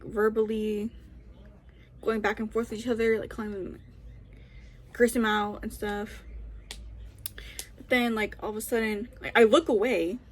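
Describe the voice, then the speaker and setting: A young woman vlogger telling a story in a casual, rambling way, full of restarts and fillers. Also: a little high.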